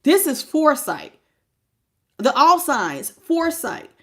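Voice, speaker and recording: A woman's voice: big pitch swings, takes it slowly. Emphatic woman giving a tarot reading. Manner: emphatic and preachy, swings between low murmurs and loud outbursts. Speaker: tarot reader. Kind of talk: live-streamed tarot reading, greeting viewers.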